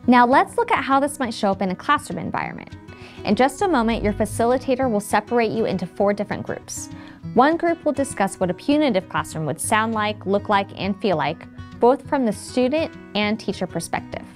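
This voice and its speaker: A woman's voice: on the high side, animated, brisk. Brief: thirties woman, friendly teacher-training narrator, faint music bed. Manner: friendly, acts out quoted phrases. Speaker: trainer for educators. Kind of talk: scripted instructional narration.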